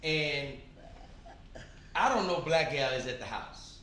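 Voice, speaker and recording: A man hosting a casual chat, telling stories in an animated way. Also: on the high side, slow pace. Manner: animated storyteller. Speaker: host. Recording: echoey room with background noise.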